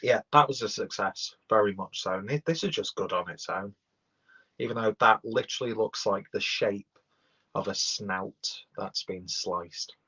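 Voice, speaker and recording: A man's voice: lowish voice, normal speed, pushed and bright, breathy edge. Sweary man reviewing beer. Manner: rambling, sweary, talks while chewing. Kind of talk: casual live-stream review. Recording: dull lo-fi stream audio.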